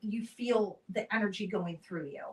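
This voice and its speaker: A chatty woman in her forties tells stories in a relaxed, casual way, acting out the voices of the people in them. She sits back from the mic, so her voice sounds a little distant in the room. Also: medium pitch, normal speed. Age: 40s. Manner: chatty storyteller, acts out quotes. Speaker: building owner. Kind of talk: casual chat.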